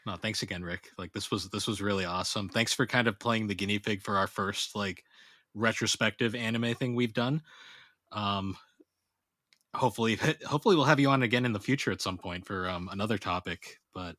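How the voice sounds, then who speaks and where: Bright-voiced male podcast host. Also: fairly low pitch, brisk, no echo, studio quality. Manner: relaxed, laughing easily. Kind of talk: casual chat.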